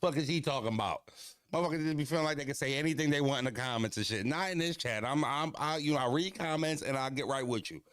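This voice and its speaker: A man's voice: medium pitch, fast, fairly bright tone, smooth, dry recording, clean studio sound. A young man hosting a livestream, joking loosely and profanely, laughing and roasting his chat. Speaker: livestream host.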